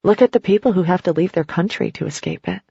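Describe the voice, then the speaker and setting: A woman's voice: fairly low pitch, fast, gravelly, dark tone, slightly rough, no room sound, lo-fi sound, heavily acted. A woman reading the words of a woman who escaped a stalking ex-husband, matter-of-fact.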